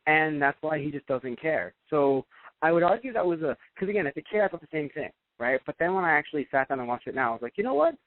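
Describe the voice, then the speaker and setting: A young man hosting a casual review chat, rambling and animated. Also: a little high, fast talker, no echo. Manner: animated, rambling, slips into mocking impressions. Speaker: podcast host. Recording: dry, tinny phone-like sound.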